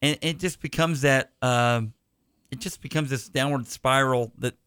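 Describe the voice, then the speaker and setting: A man's voice: medium pitch, moderate pace, fairly bright tone, clean tone, no room sound, clean studio sound. A man hosting a podcast in casual chat, rambling with restarts and side jokes. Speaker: podcast host.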